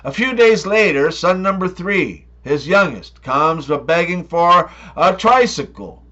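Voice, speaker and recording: Guy rattling off jokes, high bouncy voice, bright tone, kinda dull lo-fi sound. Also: lively intonation, measured pace. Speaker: comedy joke teller. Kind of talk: scripted joke monologue.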